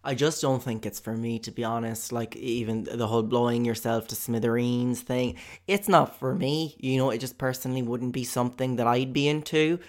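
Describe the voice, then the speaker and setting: Speaking at a moderate pace with fairly even intonation and medium pitch, a young Cork-accented Irishman delivers a comedic podcast monologue. It's rambling, profane, and jokey, thick with fillers.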